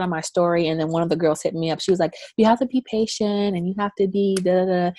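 A young woman chatting casually as an interviewee, telling lively stories and acting out what people said to her. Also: fast, few pauses, dry recording. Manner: animated storyteller who acts out quotes with big pitch jumps. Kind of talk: casual conversation.

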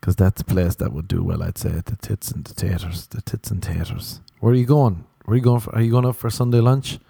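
Swearing Irish man with a dark voice. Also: on the low side, fairly even intonation, a little fast, creaky, slightly rough, no room sound, studio quality. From Ireland. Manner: rambling, profane, self-mocking. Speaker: podcast host. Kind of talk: casual comedic monologue.

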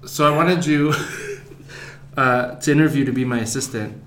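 A man's voice: mid-range voice, fairly even intonation, unhurried, fairly bright tone, roomy sound. A man hosting a casual podcast, teasing his guest with crude jokes. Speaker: podcast host.

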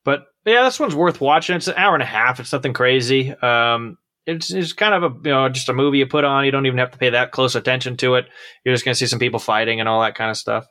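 A man's voice: mid-range voice, fast talker, sharp tone. A man co-hosting a casual movie chat, easygoing with wry asides. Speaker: podcast co-host reviewing movies.

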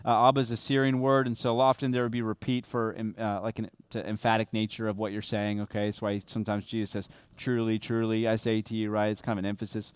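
Male pastor, sermon, young adult, casual and emphatic, smooth resonant voice, dry sound. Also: on the low side, flat delivery, quick pace, few pauses, no room sound. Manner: conversational, often tags lines with "okay?" and "right?"; shifts between hushed emphasis and raised, stressed lines.

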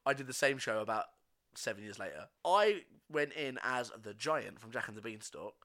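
A man's voice: mid-range voice, animated, normal speed, pushed and bright. A young man, a podcast co-host, chatting casually and telling stories with frequent laughs. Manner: chatty storyteller, laughs often. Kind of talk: casual chat.

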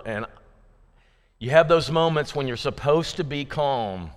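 A man with a mid-range voice delivers a sermon to his congregation in a relaxed, folksy way, and he slips in jokes as he goes. The sound has the long, ringing reverb of a church sanctuary. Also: medium pitch, measured pace. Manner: folksy, joking, conversational. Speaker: preacher.

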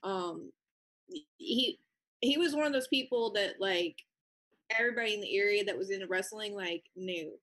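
A woman from the St. Louis area co-hosting a casual chat, soft-spoken and earnest with many fillers. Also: medium pitch, moderate pace. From St. Louis area, USA. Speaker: podcast co-host.

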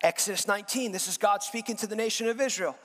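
A man preaches with a strikingly high voice, reading passages and then driving points home with repeated, shouted phrases. His voice rings through a large hall, trailing a long echo. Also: fast. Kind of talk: sermon.

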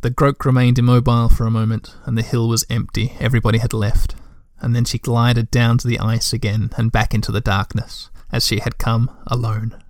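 Man narrating a storybook, gentle and measured, dry close sound. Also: mid-range voice, level tone, dry recording. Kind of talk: storybook reading.

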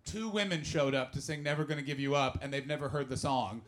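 Talking fast in a mid-range, somewhat bright voice, a young comedian from Canada does a stand-up set. He tells rambling, profane, self-deprecating stories and fires questions at the audience.

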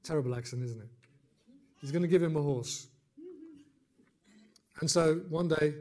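An older man preaching a sermon, building to loud emphatic peaks and then dropping low, with conversational asides and gentle humor. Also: normal speed, long pauses.

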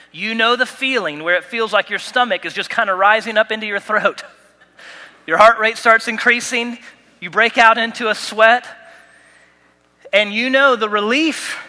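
A man's voice: sits high, bright, forceful tone, in a large hall. A man pastor delivering a sermon, preaching with emphatic repetition and light humor. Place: church sanctuary.

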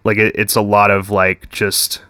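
A man's voice: lowish voice, level tone, measured pace, bright, forceful tone, no echo, studio quality. A young man, chatting casually as a podcast guest, full of swearing, "like" and "dude". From Texas. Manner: swears constantly, says "like" and "dude" a lot. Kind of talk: casual chat.

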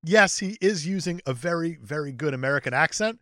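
Man, jokey podcast co-host, says "like" often, higher voice, very lively delivery. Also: a little fast, no room sound, clean studio sound. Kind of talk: casual chat about a film.

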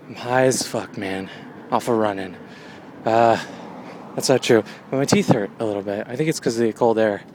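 A male comedian talking in a wry, meandering deadpan right after a run, a little winded, outdoors by a road. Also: fairly low pitch, moderate pace, slight background noise. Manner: wry, meandering, jokey asides. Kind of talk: rambling deadpan monologue.

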